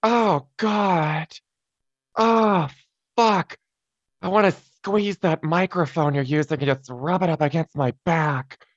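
A man voicing a breathy, flirtatious middle-aged woman in a purring, drawn-out, suggestive way. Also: fairly high pitch, no room sound, pitched above the performer's own voice. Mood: sultry. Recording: dry, slightly dull sound.

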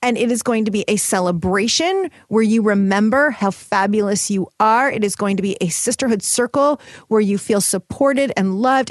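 A woman hosting a solo podcast, bubbly and emphatic as she rallies her listeners. Her pitch sits in an ordinary middle range. The sound is close and dry. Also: no room sound. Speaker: podcast host. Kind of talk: upbeat solo podcast talk.

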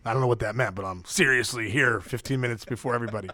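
A middle-aged man, a podcast guest, telling a rambling, excitable story in casual chat and acting out the quotes with big jumps in his voice. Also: medium pitch, racing, no echo. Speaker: podcast guest, former baseball player.

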